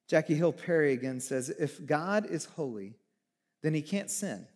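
A man preaching a sermon as pastor, animated, swinging from hushed lines to near shouting. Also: on the high side, normal speed.

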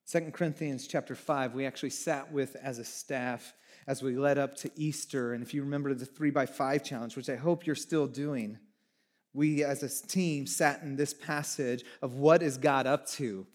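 A man preaching a sermon as pastor, animated, swinging from hushed lines to near shouting. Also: medium pitch, normal speed.

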